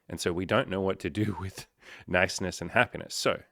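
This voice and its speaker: A man's voice: low-pitched, steady tone, a little fast, gravelly, fairly bright tone, dry recording, clean studio sound. A man coaching listeners in a casual solo podcast, loose and joking with frequent swearing and rambling asides.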